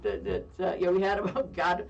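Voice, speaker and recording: A woman in her fifties co-hosting a radio talk show, telling a long story in a lively way with frequent laughter. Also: lowish voice, fairly quick, highs cut off. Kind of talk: casual on-air chat, storytelling. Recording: distant mic with faint background noise.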